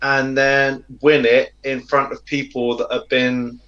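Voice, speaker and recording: A man's voice: mid-range voice, level tone, a little slow, fairly bright tone. A man dropping into a live-stream chat as a guest, teasing the host and then ranting with indignation. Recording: dull lo-fi sound.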